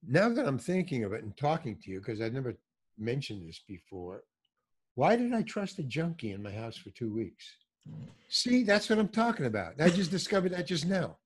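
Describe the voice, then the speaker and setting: A man's voice: normal speed, husky. An older man telling a comic story in casual chat, acting out the people in it with big jumps in his voice. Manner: animated, acts out quotes with big pitch jumps. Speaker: comedian guest telling stories.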